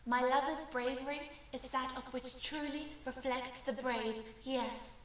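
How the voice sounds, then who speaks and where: A woman's voice: sits high, steady tone, a little slow, slight background noise. A woman from Syria giving an impassioned, declamatory spoken-word poetry recitation. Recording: very echoey room, mic far off.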